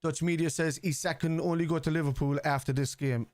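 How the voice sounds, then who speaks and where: A man's voice: on the high side, steady tone, a little fast, darkish tone, dry recording. Chatty Scouse man hosting a live stream. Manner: chatty, reads chat aloud and answers it. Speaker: streamer hosting a football watchalong. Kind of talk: live stream chat with viewers.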